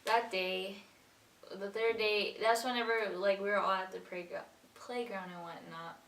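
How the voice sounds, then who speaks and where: A woman's voice: mid-range voice, steady tone, normal speed, fairly bright tone. A young woman co-hosting a couple's channel, telling their story in a casual, giggly, playful way. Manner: giggly, playful, interjects and corrects. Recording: echoey room, far from mic, faint hiss.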